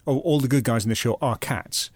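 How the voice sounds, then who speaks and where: A man hosts a podcast, reading scripted narration and then chatting in a wry, measured way with the odd swear word. His pitch sits in an ordinary middle range. The recording is dry and close. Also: slightly rough, no echo. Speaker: podcast host. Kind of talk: scripted narration and casual chat.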